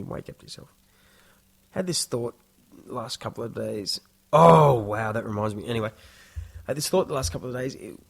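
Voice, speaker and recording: Casting: Australian male podcast host in his thirties, easygoing, digressive storyteller, average pitch. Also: gravelly. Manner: rambling, self-deprecating storytelling. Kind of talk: casual solo podcast monologue.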